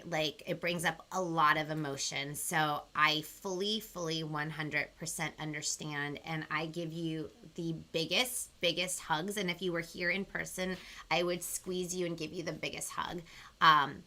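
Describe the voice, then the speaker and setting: A woman's voice: deep voice, pushed and bright. A young woman hosting a bilingual children's live-stream lesson, bubbly and sing-song, talking straight to her viewers. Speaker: children's show host.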